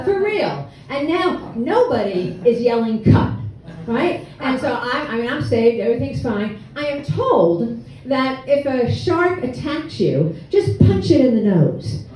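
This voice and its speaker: Animated older woman telling a funny story. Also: on the high side, a little slow, a crowd in the background. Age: 60s. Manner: humorous, animated, self-deprecating. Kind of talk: live storytelling performance. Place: hall with an audience. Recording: echoey room, mic from far off.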